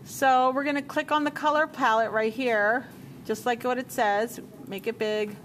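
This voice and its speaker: Lady teacher clicking thru a computer lesson, higher voice, bit of hiss behind her. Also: fairly even intonation, moderate pace, fairly bright tone. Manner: talks herself through steps, repeats menu names. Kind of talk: software tutorial walkthrough.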